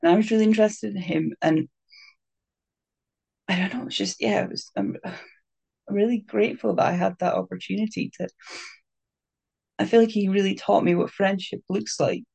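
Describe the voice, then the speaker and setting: A speaker sharing a personal story in a candid, hesitant way, with many pauses, fillers and restarts, soft and emotional. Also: medium pitch, fairly even intonation, gravelly, slightly rough. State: crying.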